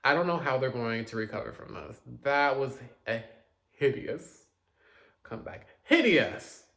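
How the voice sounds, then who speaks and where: A man casually reviewing new pop releases, chatty and dramatic, with quick asides and loud outbursts. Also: medium pitch, creaky. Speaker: music reviewer.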